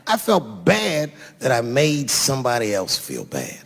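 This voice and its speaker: A man's voice: medium pitch, huge pitch swings, measured pace, gravelly, fairly bright tone. A man doing stand-up comedy on a theater stage, telling a long profane story in a conversational way that builds to punchlines. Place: large theater stage with audience. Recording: long hall reverb from a live stage.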